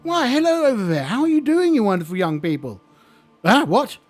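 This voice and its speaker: Casting: man doing a high, sing-song, fawning undead lich, stammering and polite. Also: big pitch swings, a little fast, soft background music, heavily acted. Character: genial undead blue lich official. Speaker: solo tabletop player.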